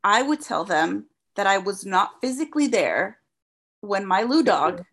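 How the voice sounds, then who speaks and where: A woman's voice: medium pitch, very animated, measured pace, gravelly, a bit bright. A young adult woman co-hosting a podcast, chatting casually and candidly, swearing freely and getting emotional. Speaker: podcast co-host. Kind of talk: casual chat.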